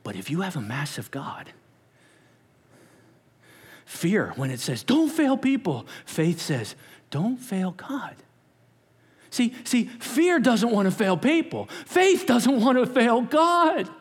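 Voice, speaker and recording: A man preaching a sermon as pastor, animated, acting out quotes and dropping to whispers. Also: sits high, takes it slowly, breathy edge. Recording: long hall reverb.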